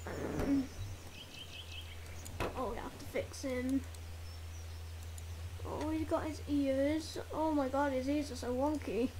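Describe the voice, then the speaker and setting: High-voiced woman exclaiming through a role-play. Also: slow, long pauses. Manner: exclamatory, squeamish, lots of oh and ugh. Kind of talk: casual game role-play. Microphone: desk mic. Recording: loud background noise.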